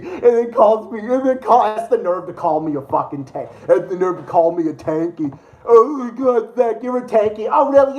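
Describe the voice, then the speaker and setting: Furious, foul-mouthed male streamer ranting. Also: very high voice. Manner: furious, profane, insulting, repetitive. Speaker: livestream host. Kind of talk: angry profane rant.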